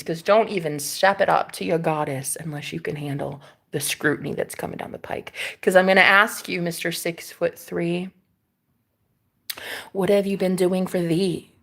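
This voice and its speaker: A woman hosts a casual spiritual livestream from a rented room, sassy and laughing as she responds to her viewers' comments. Her voice is fairly low and a bit bright.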